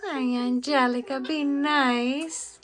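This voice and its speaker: A woman's voice: sits high, fairly even intonation, slow, crowd noise. A woman vlogging at home, chatting casually and cooing in baby talk to her pet monkeys. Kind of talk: casual vlog chat.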